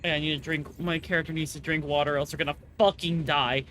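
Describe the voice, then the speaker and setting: A woman's voice: sits low, fairly even intonation, quick pace, slight background noise. A young woman streaming a game, chatting casually with friends and chat, joking and swearing as she plays. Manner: profane, joking, reacts loudly to game alerts.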